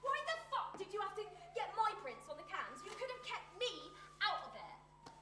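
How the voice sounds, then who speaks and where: An actress playing a foul-mouthed young female protester on stage, shouting and alarmed. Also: very high-pitched, wildly swooping pitch, normal speed, roomy sound, recorded from a distance, noisy background, full character voice. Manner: shouty, swearing. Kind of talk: stage play performance.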